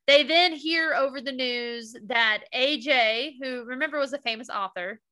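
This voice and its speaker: A woman's voice: sits high, moderate pace, bright, forceful tone. A young woman co-hosting a casual podcast, recapping a TV episode in an emotional, gushing way. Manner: emotional, gushing recap with laughs and quoted lines. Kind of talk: casual chat.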